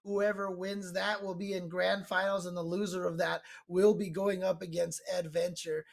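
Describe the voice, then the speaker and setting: A man's voice: sits high, little pitch movement, normal speed, vocal fry. A man commentating a fighting-game tournament, breaking down plays and cracking jokes as he goes. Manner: joking, rambling analysis. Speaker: esports commentator.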